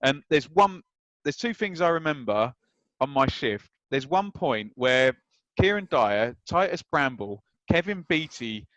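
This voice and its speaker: Lively man telling stories, dry sound. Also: mid-range voice, a little slow, no room sound, highs cut off. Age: 30s. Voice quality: lively storyteller who acts out scenes. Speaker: guest. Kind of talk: anecdotal chat.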